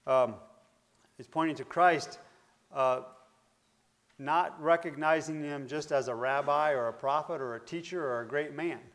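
A man's voice: a little high, measured pace, pauses often, a bit bright. A man preaching a Bible lesson in a conversational, searching way, reading verses aloud and working through his thoughts. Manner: conversational, searching, with fillers and restarts. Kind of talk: Bible teaching sermon.

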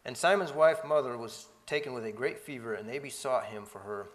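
During a Bible study in a reverberant room, a man reads scripture aloud and comments between passages, occasionally stumbling and restarting. His middling-pitched voice is fairly bright and runs a little fast.

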